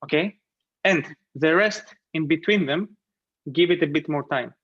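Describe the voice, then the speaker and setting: A fairly high-voiced man coaches a piano student over a video call, gentle and encouraging, humming melodies and counting beats aloud. The sound is muffled and lo-fi, with piano clearly heard behind him. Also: moderate pace. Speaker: piano teacher. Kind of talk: online masterclass coaching.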